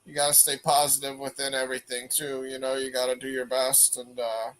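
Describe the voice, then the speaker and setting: A man hosting a panel and giving calm, faith-based advice, often calling people "man". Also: medium pitch, brisk, low-quality recording. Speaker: panel host.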